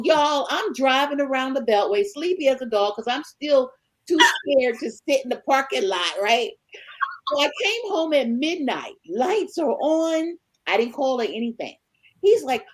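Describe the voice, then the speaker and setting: Husky animated woman storyteller. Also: high voice, normal speed, low-quality recording. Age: middle-aged. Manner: animated storyteller, acts out dialogue. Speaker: podcast co-host. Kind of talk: storytelling chat.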